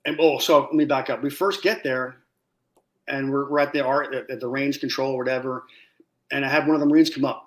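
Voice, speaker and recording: A man telling war stories in a casual interview, animated, acting out what people said and swearing freely. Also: mid-range voice, fairly quick. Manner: animated storyteller, acts out quotes loudly, swears. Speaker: guest, former Marine scout sniper.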